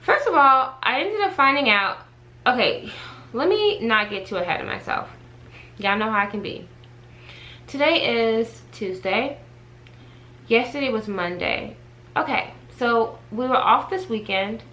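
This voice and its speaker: A woman vlogger chatting to her viewers in a casual storytime, animated and talkative as she addresses them directly. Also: a little high, a little slow, pauses often, poor audio. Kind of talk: casual storytime chat to camera.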